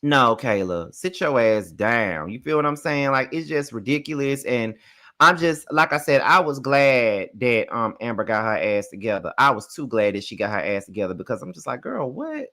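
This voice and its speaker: A young man hosting a casual reality show recap, telling it in an animated, sassy way full of swearing. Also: medium pitch, moderate pace. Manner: animated, profane, sassy retelling.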